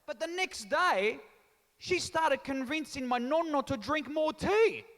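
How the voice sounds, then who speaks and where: High-voiced comic working a hall crowd. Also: male voice, expressive, unhurried, fairly bright tone. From Australia. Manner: teasing, chatty crowd work with Italian phrases. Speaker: stand-up comedian and MC. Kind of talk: live stand-up comedy to a crowd. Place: large town hall stage. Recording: long reverb of a hall.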